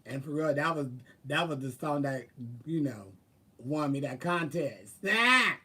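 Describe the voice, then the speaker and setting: A man with a slightly high voice talks with viewers in a loose, sassy way. He swears freely and throws out drawling asides. He sits a little back from the mic. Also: animated, a little slow, pushed and bright, husky, recorded from a distance. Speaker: live-stream host. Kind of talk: casual chat, answering viewers.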